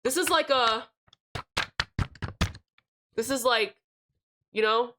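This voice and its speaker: A woman's voice: fairly high pitch, takes it slowly, background noise. A woman live streamer chatting casually with her chat, joking and swearing, with rambling restarts. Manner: profane, joking, reads out chat names.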